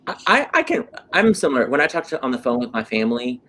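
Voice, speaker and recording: Lively, gushing talk-show host. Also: male voice, mid-range voice, fast talker. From New Mexico. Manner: enthusiastic, gushing, chatty. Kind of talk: casual interview chat.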